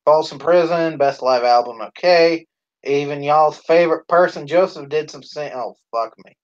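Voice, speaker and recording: A man chatting casually on a live stream, his voice sitting a bit high for a man. He swears freely, laughs often and shouts out the lines he quotes. The sound is dull and lo-fi. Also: moderate pace. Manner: profane, laughing, acts out quoted lines loudly.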